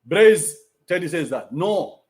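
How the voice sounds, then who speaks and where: A man's voice: on the high side, animated, slow. A young adult man with a Kenyan accent, ranting bluntly in a profane, mocking livestream. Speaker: commentator. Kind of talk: livestream rant.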